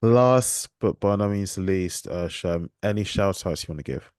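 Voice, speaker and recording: Man, podcast host, low pitch, dry recording, polite, hesitant questions. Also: a little slow, a little mellow, smooth, no room sound. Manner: hesitant, many ums and restarts, polite. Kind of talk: casual podcast interview.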